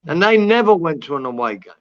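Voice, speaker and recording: Man, indignant rant, heavy swearing, tense bright tone, muffled dry audio. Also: fairly high pitch, very animated, fast, no room sound. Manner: angry, heavy swearing, repeats himself. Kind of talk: casual chat.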